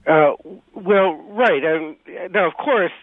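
A man's voice: high voice, no echo. Man answering over a phone-like line. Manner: halting, many uh fillers and restarts. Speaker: legal scholar guest. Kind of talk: radio interview answers. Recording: dry, phone-like radio line.

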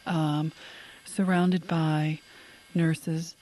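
A woman host with a low, husky voice leads a radio interview. She asks reflective questions in an engaged, conversational way. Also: little pitch movement, extremely slow, warm tone.

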